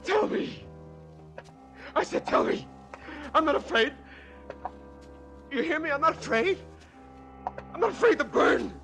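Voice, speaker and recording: A man's voice: medium pitch, very animated, moderate pace, long pauses, fairly bright tone, soft background music. An actor playing a condemned male killer in a radio drama, talking tough-guy slang and pressing others with taunting questions. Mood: panicked. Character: condemned male killer, boastful, cracking under fear. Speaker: prisoner. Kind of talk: 1940s radio acting.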